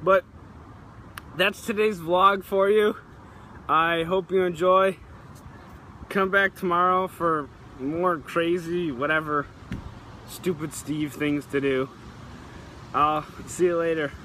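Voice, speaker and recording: A man's voice: fairly high pitch, fairly even intonation, takes it slowly, long pauses, sharp tone, a little hiss or hum. A male vlogger eating raw onion outdoors, gagging and groaning, his mouth burning, teary and sweating. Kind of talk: casual vlog. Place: outdoors in hot weather.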